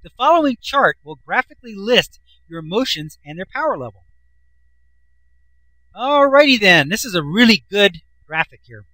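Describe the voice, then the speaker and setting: A man's voice: high voice, very animated, normal speed, bright, forceful tone, dry recording, poor audio. A man, a self-help author, explaining a chart in a casual, folksy, enthusiastic way, swinging his voice up and down for emphasis.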